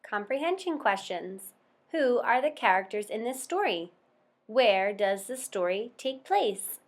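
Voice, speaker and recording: Expressive woman reading a children's story. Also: fairly high pitch. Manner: slow, expressive, sing-song. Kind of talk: storybook read-aloud for children.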